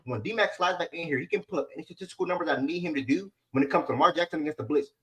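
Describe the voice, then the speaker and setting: A man hosting a sports show who argues quickly, repeats his phrases and needles his co-host. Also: fairly high pitch, breathy edge, poor audio. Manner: fast, keeps repeating phrases, mocking. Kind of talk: heated sports debate.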